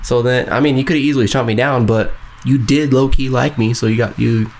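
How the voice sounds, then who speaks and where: Cowok santai cerita, nadanya biasa, ada noise tipis. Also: male voice, medium pitch, steady tone, a little fast. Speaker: podcast co-host. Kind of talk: casual storytelling chat.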